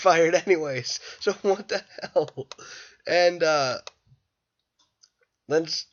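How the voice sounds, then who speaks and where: A tired young man rambling through a casual, irreverent movie review late at night, breaking into loud bursts when quoting scenes. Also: a little high. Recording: dull lo-fi home recording.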